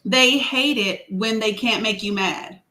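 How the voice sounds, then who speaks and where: A woman's voice: fairly high pitch, measured pace, pushed and bright. A woman with a Southern US accent hosting a live stream, teasing and sassy in casual commentary, laughing often.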